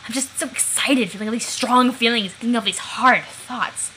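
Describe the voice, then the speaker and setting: A woman voicing a brash young man who brags about his muscles with loud, mock-old-fashioned exclamations. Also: fairly high pitch, moderate pace, slight background noise, poor audio. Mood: excited.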